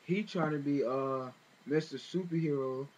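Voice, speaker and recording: A man's voice: on the high side, moderate pace, a little mellow, lo-fi sound. A man retelling events in casual spoken commentary, rambling with fillers and restarts and growing indignant as he talks. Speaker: vlogger.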